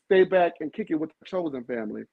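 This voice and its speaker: A man hosting a casual review panel, sassy and theatrical with quick comebacks, over a video call. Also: fairly high pitch, expressive, gravelly, no room sound. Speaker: panel host. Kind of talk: casual pop-culture review chat. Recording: dull lo-fi dry audio.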